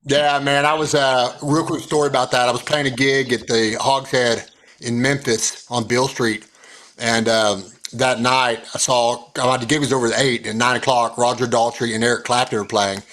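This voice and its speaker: An animated man telling a story on a video call in a songwriting circle. He acts out each quote as he goes, in an easy casual way. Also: mid-range voice, moderate pace.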